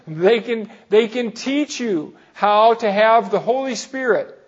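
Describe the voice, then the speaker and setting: A man with a high-pitched voice preaches through a Bible passage, working through it verse by verse. He breaks off for explanatory asides and the odd chuckle. The recording sounds dull and lo-fi. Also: slow. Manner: explanatory, with asides and light laughs. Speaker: pastor. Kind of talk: expository Bible sermon.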